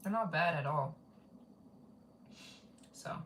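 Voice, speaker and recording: A woman's voice: low voice, animated, slow, a bit bright, roomy sound, distant mic, a little hiss or hum. A woman travel vlogger chatting casually on a fundraiser live stream. She rambles, repeats herself and reads out donations.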